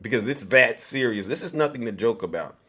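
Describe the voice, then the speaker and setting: A man's voice: mid-range voice, expressive, a little fast, a bit bright, husky. A man hosting a casual political talk stream, ranting in a direct, combative and repetitive way. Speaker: political commentator host. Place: California, Bay Area.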